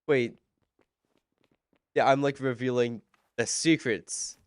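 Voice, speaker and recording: A man's voice: medium pitch, very slow, dry recording, clean studio sound. A man streaming a game live, chatting casually and rambling as he answers viewers' chat while he plays.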